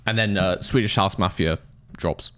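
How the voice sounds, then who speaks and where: A man's voice: sits low, moderate pace, fairly bright tone. A young man chatting casually with his live-stream viewers, rambling and swearing in mock-indignant banter.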